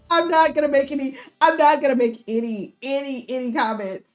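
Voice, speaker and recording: A woman's voice: sits high, fairly even intonation, normal speed, faint music behind. Giggly, flustered woman streamer. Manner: giggly, flustered, loud outbursts. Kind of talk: reading a visual novel aloud on stream.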